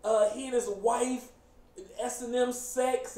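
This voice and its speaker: Animated, high-voiced joking man. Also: takes it slowly. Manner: animated, joking, laughing often. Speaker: host. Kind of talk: casual chat. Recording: echoey room, faint background noise.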